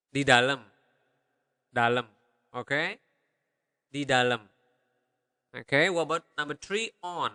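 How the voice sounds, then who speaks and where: Balinese man as a patient language teacher, slightly high voice, forceful tone, long reverb on the track. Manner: patient, repeats words slowly for learners. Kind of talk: spoken language lesson.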